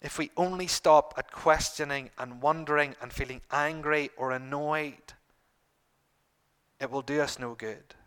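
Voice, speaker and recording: A middle-aged man preaching a sermon to his congregation, earnest, repeating phrases and pausing for emphasis. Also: on the high side, a bit bright, clear, resonant tone. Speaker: pastor.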